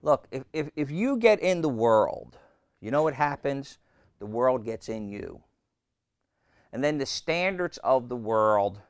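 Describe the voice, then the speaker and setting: A man preaching a sermon as pastor, swinging between loud emphasis and quiet asides. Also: mid-range voice, clean tone, no room sound.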